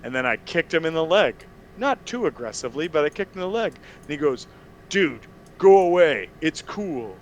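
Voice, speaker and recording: A man's voice: on the high side, fast talker, few pauses, a little hiss or hum. A man at a tabletop game table, ranting and telling a story with lots of swearing and filler words. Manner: profane, animated storytelling with lots of "like". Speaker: player. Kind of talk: heated out-of-character table talk.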